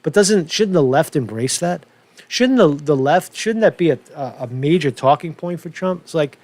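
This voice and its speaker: New guy ranting, swears a lot, gravelly voice, kinda high, restarts constantly. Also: animated, normal speed, a little mellow, no room sound. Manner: profane, rambling, stumbling restarts. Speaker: political commentator. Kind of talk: casual rant.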